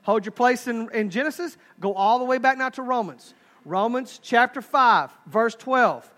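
A pastor with a Texan accent, preaching a sermon in a folksy, humorous, animated storytelling style. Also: male voice, extremely high pitch, moderate pace.

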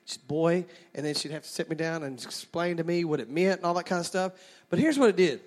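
A man preaching a sermon, praying and then telling a lively story from his childhood, acting out the scenes as he goes. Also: on the high side, fast.

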